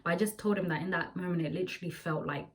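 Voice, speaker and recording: A woman's voice: on the low side, racing, poor audio. A young woman telling a personal story to her viewers in a chatty, rambling vlog style, full of fillers. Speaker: vlogger. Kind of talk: casual storytelling to camera.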